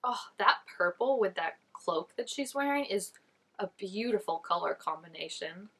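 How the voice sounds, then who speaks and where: A woman's voice: mid-range voice, lively intonation, moderate pace, a bit bright, breathy edge. Gushing young woman reacting to TV. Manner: gushing, chatty, frequent "like" fillers. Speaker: reaction channel host. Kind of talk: casual reaction commentary.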